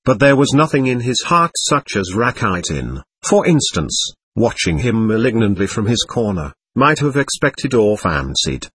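A man narrating a novel as an audiobook in a measured, expressive storytelling manner. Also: fairly low pitch, husky. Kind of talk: scripted narration.

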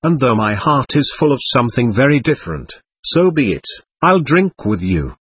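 A man with a mid-range voice raises it to play an excitable young woman, chattering and teasing in a merry, bright, lilting rise and fall at normal speed. The tone is a little husky and dry, heard close up as a storybook reading with a dry recording.

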